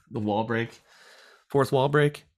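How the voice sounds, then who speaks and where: A man's voice: medium pitch, slow pace. A man with a nasal voice, co-hosting a casual chat and telling a rambling story full of fillers and self-deprecating asides. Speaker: podcast co-host.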